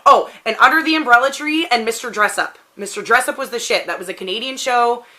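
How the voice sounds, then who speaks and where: Woman in her thirties, Pacific Northwest American accent, casual rambling chat, filler-heavy, sharp bright voice. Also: on the high side, expressive, fast talker, few pauses. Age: 30s. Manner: rambling, chatty, frequent "like" fillers. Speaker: vlogger answering a question tag.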